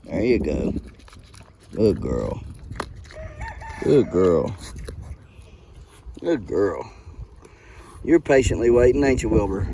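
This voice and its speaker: A man's voice: lowish voice, expressive, slow pace, pauses often, mellow, slight background noise. A man who keeps pigs on a homestead, chatting in a playful, teasing way to his animals outdoors. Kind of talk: casual vlog chat. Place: outdoor pig pen on a farm.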